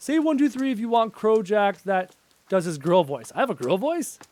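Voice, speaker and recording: A man giving chatty live gameplay commentary, excitable and often yelping at enemies. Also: high-pitched, moderate pace. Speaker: gaming YouTuber.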